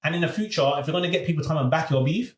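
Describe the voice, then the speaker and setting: A man, casually telling a story on a podcast. He is animated and uses a lot of slang, and he acts out the people in his story. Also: fairly high pitch, rapid-fire, roomy sound. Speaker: podcast host.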